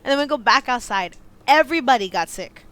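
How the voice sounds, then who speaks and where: A young American woman on a podcast, telling animated stories and laughing often. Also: a little high, a little fast, no echo. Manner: animated storyteller, laughs often, says "like" and "dude". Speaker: podcast co-host. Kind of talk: casual chat.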